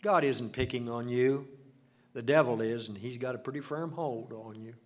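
An older man preaching a sermon, swelling loud for emphasis and dropping to a near hush. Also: mid-range voice, moderate pace. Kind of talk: sermon with invitation.

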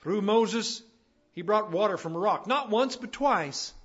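Speaking in a high-sitting voice, animated yet unhurried, a man preaches with folksy storytelling that climbs to emphatic declarations. The sermon was recorded in dull lo-fi quality.

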